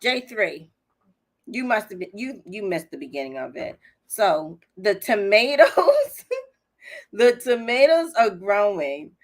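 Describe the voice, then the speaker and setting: A woman's voice: medium pitch, sing-song, slow. A woman hosting a casual gardening live stream, talking candidly and mocking herself with easy laughs.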